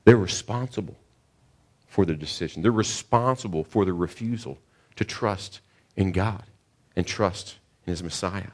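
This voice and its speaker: An earnest man with a fairly low voice preaching a sermon. He often stumbles and repeats words before pressing a point with emphatic questions to the congregation. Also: moderate pace, a little mellow. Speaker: pastor.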